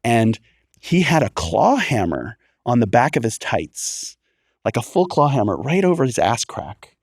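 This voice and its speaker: Man, podcast guest, chatty storyteller, middle pitch, dry close mic. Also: measured pace, breathy edge, dry recording. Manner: animated storyteller, acts out quoted voices. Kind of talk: casual storytelling on a comedy podcast.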